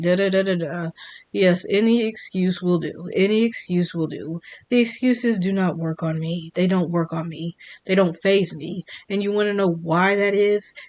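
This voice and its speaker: A woman giving a blunt, defiant monologue as a vlogger, repeating her points from the United States. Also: lowish voice. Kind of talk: emphatic monologue.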